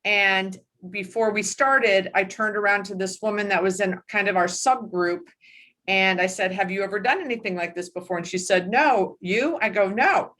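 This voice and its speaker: Lively woman in her sixties telling a story. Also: medium pitch, moderate pace. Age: 60s. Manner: animated anecdote telling with laughs. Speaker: book club host. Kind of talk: casual storytelling in a group discussion.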